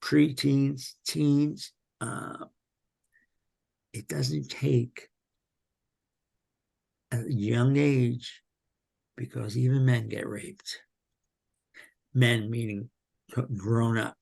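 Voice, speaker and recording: A man speaking slowly and haltingly as a podcast guest, with many pauses and fillers, telling his story candidly. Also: mid-range voice, steady tone, creaky, darkish tone. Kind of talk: candid personal interview.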